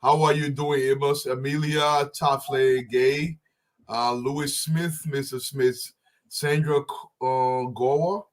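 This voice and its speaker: A man's voice: medium pitch, steady tone, slow. A man co-hosting a live talk show, calling out viewers' names with casual friendly slang. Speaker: show co-host.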